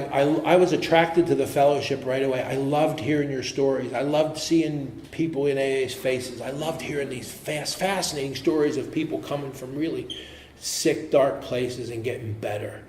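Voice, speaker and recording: A middle-aged man telling his personal recovery story at a meeting, earnest and animated, quick to laugh and sometimes dropping to a murmur. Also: medium pitch, reverberant. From Pittsburgh area. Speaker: AA speaker. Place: meeting hall.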